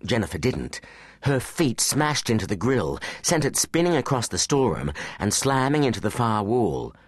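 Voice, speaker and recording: A man's voice: mid-range voice, sing-song, normal speed, dry recording, studio quality. A man narrating an action story for teens as an audiobook reader, telling it expressively. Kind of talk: scripted narration. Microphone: close studio mic.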